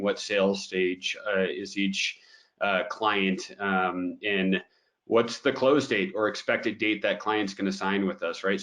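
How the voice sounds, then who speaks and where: A man's voice: on the low side, a bit bright. A man who is a business development director, speaking as a guest in a casual interview. He talks in an easygoing way, with lots of fillers and an easy laugh.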